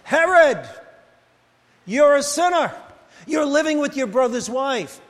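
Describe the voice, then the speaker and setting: Fearless male prophet denouncing a king, high and ringing in a long-echoing hall, a preacher puts him on. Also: normal speed. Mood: accusing. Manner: accusing, proclaiming.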